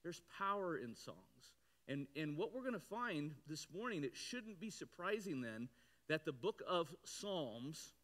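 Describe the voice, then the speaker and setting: Bright-voiced man preaching a sermon. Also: on the high side, very animated, measured pace. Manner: conversational preaching with sudden loud outbursts. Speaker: pastor. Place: church.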